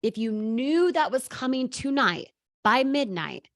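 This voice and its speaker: A woman's voice: high voice, lively intonation, a little slow, no room sound, clean studio sound. A woman giving a bold, sassy motivational talk as a sales coach, calling out viewers by name.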